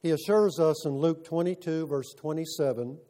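A male preacher delivers a sermon in a voice pitched a little high but soft and mellow in tone. He speaks earnestly and at a measured pace, pausing as he tells a story.

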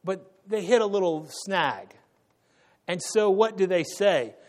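A man preaching an unscripted sermon, pausing on fillers and correcting himself as he goes. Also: high-pitched, expressive. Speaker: pastor.

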